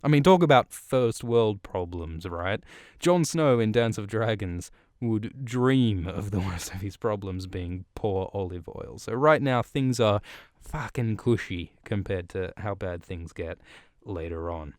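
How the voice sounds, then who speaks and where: A man hosts a podcast and recaps a book in a rambling, irreverent way, swearing freely. His voice is low, and the recording is dry and close. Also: a little slow, darkish tone, no room sound. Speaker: podcast host. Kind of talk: casual comedic book recap.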